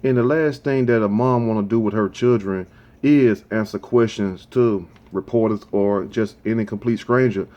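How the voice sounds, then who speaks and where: A man's voice: lowish voice, normal speed, highs cut off. A man hosting his own show, giving rambling, opinionated commentary in a casual, conversational way. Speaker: show host.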